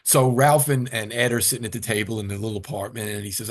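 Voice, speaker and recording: An older retired firefighter from New York chats casually as an interview guest, speaking fast in a lowish voice. He's an animated storyteller who acts out the quoted lines in his tales.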